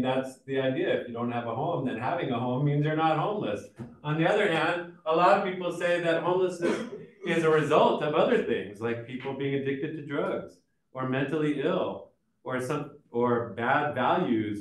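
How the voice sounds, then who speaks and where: A man lecturing on sociology in a relaxed, conversational way, with frequent fillers and restarts. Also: medium pitch, normal speed. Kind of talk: recorded college lecture. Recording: echoey room, mic at a distance.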